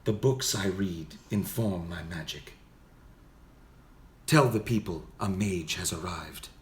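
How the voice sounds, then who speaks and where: A man doing a soft-spoken, bookish mage. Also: low voice, slow pace, echoey room. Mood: solemn. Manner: soft-spoken, calm and studious.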